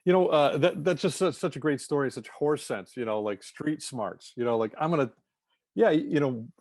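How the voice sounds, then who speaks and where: A man's voice: on the high side, moderate pace, darkish tone, no room sound, studio quality. A man hosting a podcast, reacting to his guest's story with eager, laughing remarks. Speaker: podcast host. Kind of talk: casual interview chat.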